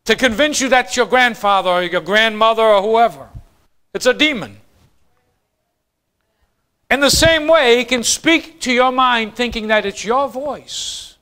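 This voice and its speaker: A man preaching a sermon as pastor, swinging from quiet, low lines to fast, loud bursts.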